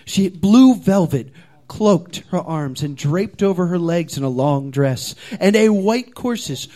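Before a live comedy crowd, a man reads his own comic fan fiction, hamming up the drama. His high, mellow voice rises and drops widely for effect, animated yet measured in pace.

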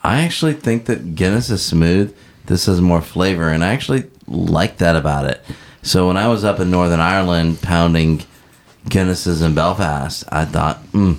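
A man's voice: low-pitched, normal speed. A man co-hosting a casual podcast chat, joking and teasing his friends. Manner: jokey, teasing, animated. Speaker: podcast co-host.

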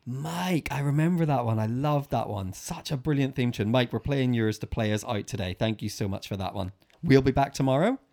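A man's voice: mid-range voice, fairly quick, vocal fry, a little mellow. A man hosting a casual family podcast, cheerful and playful as he reads out jokes. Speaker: podcast host.

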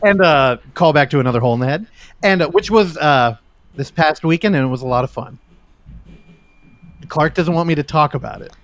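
A man's voice: on the high side, brisk, long pauses, dry recording. A man from the San Francisco Bay Area co-hosting a casual film podcast, ranting and swearing freely. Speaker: podcast co-host.

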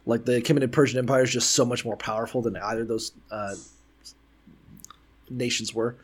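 A man's voice: mid-range voice, steady tone, a little fast, breathy edge. A man co-hosting a casual, profane chat, joking and stammering through restarts. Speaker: podcast co-host.

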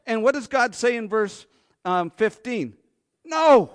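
A man preaching a sermon with real animation. He acts out Bible characters in high, excited voices, then drops to a low hush to drive a point home. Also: measured pace. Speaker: pastor.

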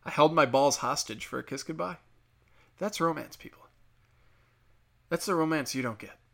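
A man's voice: on the high side, moderate pace, creaky, pushed and bright. A man hosting a solo podcast, talking in a crude, profane, rambling monologue. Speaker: podcast host.

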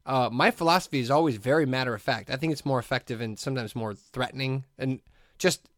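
A man's voice: mid-range voice, quick pace, fairly bright tone, no room sound. A man co-hosting a podcast in casual chat, speaking matter-of-factly with dry humor and acting out quoted voices. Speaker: podcast co-host.

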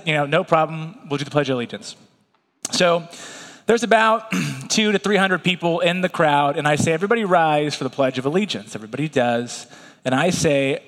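Young male guest preacher, slightly high voice, relaxed and self-mocking, church reverb. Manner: conversational and self-deprecating, with casual fillers. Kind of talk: sermon. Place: church sanctuary.

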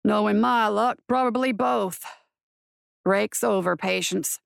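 A woman's voice: mid-range voice, takes it slowly, gravelly, clean tone, no echo. A woman voicing a weary male frontier marshal who mutters dryly to himself. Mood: wry. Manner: dry, sardonic muttering.

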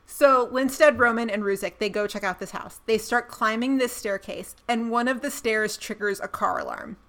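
A woman co-hosting a casual podcast chat, recapping a TV episode with animated storytelling. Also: fairly high pitch, normal speed. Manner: animated storytelling, laughs while acting out scenes. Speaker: podcast co-host.

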